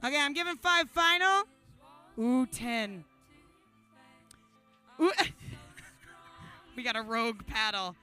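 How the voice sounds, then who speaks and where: A woman's voice: a little high, slow pace, long pauses, bright, forceful tone, clean tone, soft background music. A woman emceeing a live charity paddle auction, playfully hyping the crowd and calling out the bids. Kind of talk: live event hosting. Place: brewery event stage.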